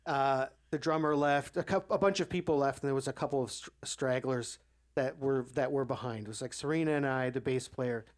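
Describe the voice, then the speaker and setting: A man co-hosting a podcast, telling a story in casual chat, animated, acting out the quoted voices and swearing freely. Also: medium pitch, brisk. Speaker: podcast co-host.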